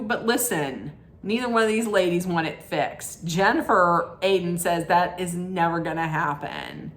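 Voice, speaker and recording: A woman's voice: on the low side, measured pace, few pauses. A woman recapping reality TV in a casual, gossipy, sassy way from home, with plenty of fillers.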